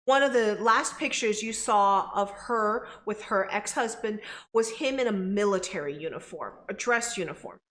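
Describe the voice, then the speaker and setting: A woman's voice: mid-range voice, normal speed, hardly any pauses, a bit bright. A woman running a tabletop game as game master, explaining the scene with fillers.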